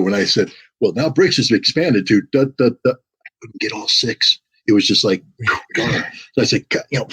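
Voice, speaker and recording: An older man from the United States talking casually as a guest on a video call, rambling with repeated words and quick put-on voices. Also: lowish voice, breathy edge, low-quality recording. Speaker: guest commentator. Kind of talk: casual interview talk.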